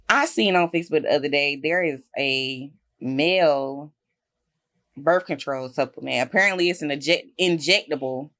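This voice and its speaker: A woman's voice: sits low, fairly bright tone. A woman co-hosting a podcast, talking candidly and at length in casual chat. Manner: candid, emotional, talks at length. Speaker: podcast co-host.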